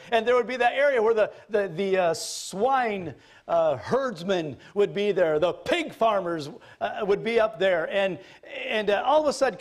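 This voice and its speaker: A male pastor delivers a sermon with a somewhat high voice. He tells the story in an animated, jokey way, swinging his pitch and volume widely.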